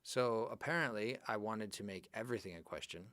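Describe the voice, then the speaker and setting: A man teaching an English grammar class live, going over exercises and praising his students by name in a lively, chatty way. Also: on the low side, fairly quick, a little hiss or hum.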